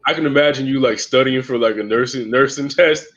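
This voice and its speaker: Husky low man on dull call audio. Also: a bit bright. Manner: easygoing, amused, quick laughs. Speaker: guest asking questions. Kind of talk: casual chat.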